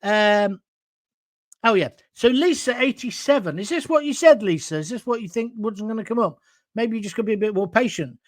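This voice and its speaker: A man's voice: sits high, expressive, moderate pace, no room sound, studio quality. A middle-aged man, hosting a live-stream and ranting bluntly while reading viewer comments at home. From England. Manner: blunt, combative, ranting, jokey asides. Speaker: host of a live-stream show. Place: at home, alone.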